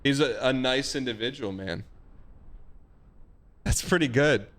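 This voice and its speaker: A man streaming a video game live, talking to his chat in a rambling, excitable way with many restarts. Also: mid-range voice, a little slow.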